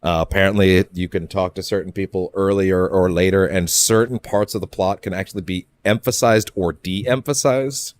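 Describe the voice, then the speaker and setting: A man's voice: low-pitched, fairly even intonation, moderate pace, hardly any pauses. A man streaming a game, rambling casually, swearing and laughing often as he plays. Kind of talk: casual let's-play commentary.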